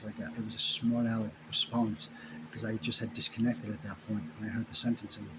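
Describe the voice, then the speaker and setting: A man delivers an indignant, profanity-laced personal monologue, repeating key phrases to drive them home. His voice sits at an ordinary pitch. A clear hiss of background noise runs under him. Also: level tone, a little fast. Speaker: vlogger recounting his own story.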